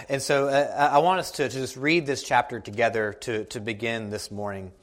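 A man preaching a sermon, earnest and halting, often restarting his words, and reading scripture aloud slowly and deliberately. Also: medium pitch, fairly even intonation, a bit bright. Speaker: pastor.

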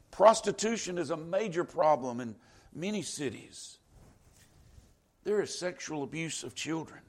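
An older man preaching a sermon in an earnest, emphatic way, quoting scripture. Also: on the high side.

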